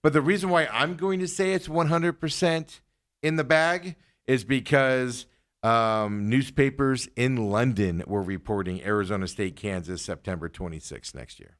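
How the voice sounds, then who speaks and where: A man's voice: mid-range voice, moderate pace. A man hosting a casual sports talk show, rambling and trailing off as he talks. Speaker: podcast host.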